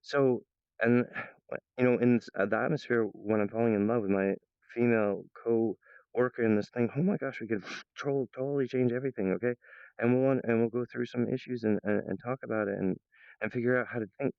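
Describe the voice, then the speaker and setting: A man talking in an excitable, rambling improvised monologue, jumping between ideas and restarting his sentences. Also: medium pitch, fairly quick, creaky, clean tone, no room sound. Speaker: video creator. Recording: dull, lo-fi, dry sound.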